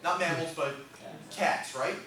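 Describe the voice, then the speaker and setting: A man's voice: fairly high pitch, a little slow, sharp tone, a little hiss or hum. A man giving a math lecture in class, joking with students and tagging nearly every phrase with "okay?". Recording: echoey classroom from far off.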